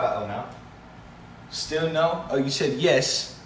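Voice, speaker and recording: A man's voice: mid-range voice, slow pace, echoey room, distant mic, a little hiss or hum. A young man chatting and joking goofily on a casual live stream from his house. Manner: goofy, joking, excitable.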